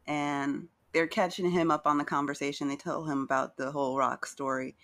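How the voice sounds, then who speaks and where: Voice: medium pitch, flat delivery, normal speed, fairly bright tone. A podcast co-host giving a chatty, casual recap of a reality show, with playful asides and acted-out quotes.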